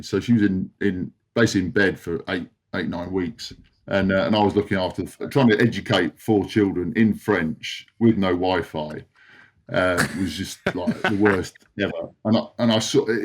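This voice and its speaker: A man's voice: lowish voice, darkish tone. Rambling, self-deprecating man in his forties. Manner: rambling storyteller, self-deprecating, laughs often. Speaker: podcast guest, former rugby player. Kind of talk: casual anecdotal chat.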